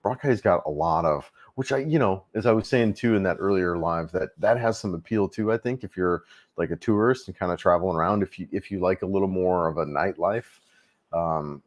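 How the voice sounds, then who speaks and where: A man's voice: low voice, animated, a little fast. A middle-aged man hosting a casual travel livestream, rambling easily with lots of fillers and restarts.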